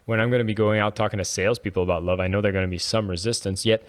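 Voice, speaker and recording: A man's voice: lowish voice, steady tone, racing. A man hosting a podcast interview, friendly and curious as he asks questions. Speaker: podcast host. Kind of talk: casual interview talk.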